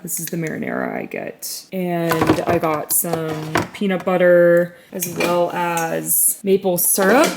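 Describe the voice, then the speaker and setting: A woman's voice: lowish voice, noisy background. A woman in her twenties, talking to camera in a chatty, upbeat casual vlog from her home kitchen, often saying "like". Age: 20s. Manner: chatty, upbeat, uses "like" a lot. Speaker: vlogger.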